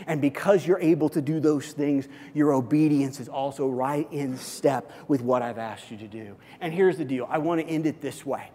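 A man's voice: fairly high pitch, steady tone, normal speed, few pauses, darkish tone. A male pastor preaching a sermon in an earnest, emphatic way, repeating key phrases. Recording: long hall reverb.

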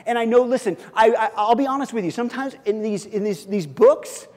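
A male pastor preaching a sermon, moving from loud, punchy emphasis to quiet, earnest intensity. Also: very high-pitched, fairly quick. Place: church sanctuary. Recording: long church reverb.

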